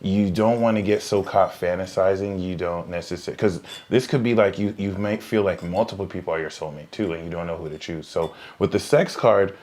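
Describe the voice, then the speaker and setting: Brisk, with few pauses, a man in a low, darkish voice reads tarot cards while co-hosting a live podcast. He's casual and joking, laughs often, and trails off partway through sentences.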